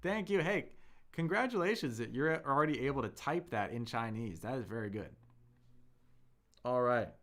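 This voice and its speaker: A man hosting a live-stream Chinese lesson, slowly explaining pronunciation with lots of fillers and thanking viewers in the chat. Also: mid-range voice, expressive, fairly bright tone. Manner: slow, drawn-out speech with many fillers, demonstrating sounds.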